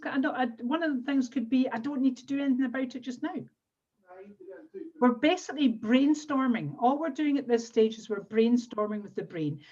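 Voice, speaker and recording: Scottish lady coaching a webinar group, kinda high pitched, dull call audio, repeats herself as she explains. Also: darkish tone. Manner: instructive, repeats phrases while guiding exercises. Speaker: NLP trainer and coach. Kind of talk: live online workshop teaching. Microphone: video call.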